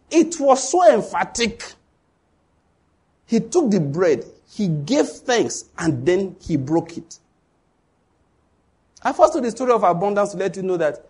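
Man, pastor, middle-aged, husky, slightly high, lively sermon storytelling. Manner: storytelling, animated, with sudden loud acted outbursts.

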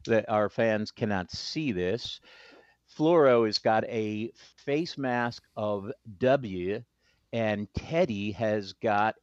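Stammering laid-back podcast host. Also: male voice, lowish voice, slow, dry recording. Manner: laughing, stammering restarts, keeps score. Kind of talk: casual chat among friends. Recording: muffled lo-fi podcast audio.

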